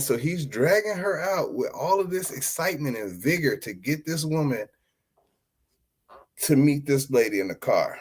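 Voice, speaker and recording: Laughing podcast host telling stories. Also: male voice, fairly high pitch, normal speed, slightly rough. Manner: laughs often while talking, animated and joking. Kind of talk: casual storytelling chat.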